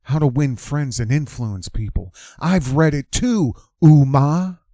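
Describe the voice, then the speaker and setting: Guy ranting on his own channel, slow and punchy, repeats stuff for effect, dry close mic. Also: mid-range voice, dark tone, dry recording. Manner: emphatic, repeats lines for effect. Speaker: commentary channel host. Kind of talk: opinionated commentary monologue.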